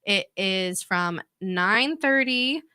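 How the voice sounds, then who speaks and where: Bright, bubbly woman guest. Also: mid-range voice, expressive, very slow, clear, resonant tone, no room sound, studio quality. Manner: bubbly, laughs often. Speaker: podcast co-host, guest. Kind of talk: casual interview chat.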